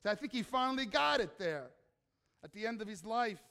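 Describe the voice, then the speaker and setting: This pastor's voice sits high and is animated with some vocal fry, and a long reverb tail trails it. He preaches emphatically, asking rhetorical questions and going from soft and slow to loud and declarative.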